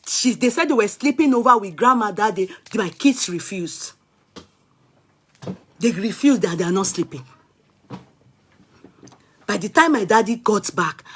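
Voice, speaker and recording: A middle-aged woman with a Nigerian accent chats to her vlog audience. She tells her story with animated, dramatic swings, leaping up for the exciting parts and dropping to soft asides. Her pitch sits in the middle of the range for a woman. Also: husky. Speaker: vlogger. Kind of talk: casual storytelling.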